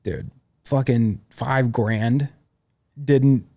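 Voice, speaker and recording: A man's voice: mid-range voice, steady tone, extremely slow, warm tone. A young adult man, a podcast guest, tells his sales career story in a casual, slangy way with plenty of swearing. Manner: slangy and profane, full of "dude" and "like".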